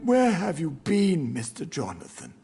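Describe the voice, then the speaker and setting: An actor playing a loyal, anxious household servant who speaks formally and deferentially, in video game dialogue. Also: male voice, a little high, huge pitch swings, unhurried, creaky, exaggerated voice. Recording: game audio with faint music.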